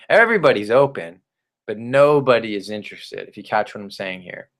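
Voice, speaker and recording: Energetic man coaching sales. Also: mid-range voice, normal speed. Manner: energetic, casual, repeats and restarts phrases, acts out prospects' replies. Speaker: network marketing coach. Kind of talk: recorded training presentation.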